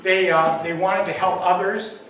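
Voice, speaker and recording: A male minister telling a story in his talk, animated and full of fillers, at a spiritual center. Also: high-pitched, measured pace. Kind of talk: sermon storytelling. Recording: echoey hall, far from the mic, faint noise.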